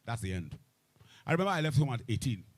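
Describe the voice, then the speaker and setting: A man moderating a live panel, emphatic and repetitive, growing loud and animated, speaking into a microphone. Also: mid-range voice, fast. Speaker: event moderator. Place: event hall with a microphone. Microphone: handheld event microphone.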